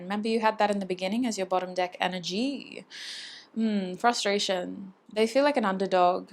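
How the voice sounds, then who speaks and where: A woman's voice: mid-range voice, normal speed. A woman giving a casual tarot reading to camera, chatty and intimate, musing aloud and voicing channeled messages as she speaks fondly to her viewers. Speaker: tarot reader.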